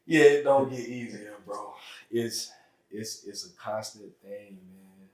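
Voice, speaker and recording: A man hosting a podcast, chatting in a relaxed way with easy slang and frequent laughter. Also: on the low side, takes it slowly. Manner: laid-back, chatty slang, laughs easily. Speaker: podcast host. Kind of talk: casual interview chat. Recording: roomy, echoey room.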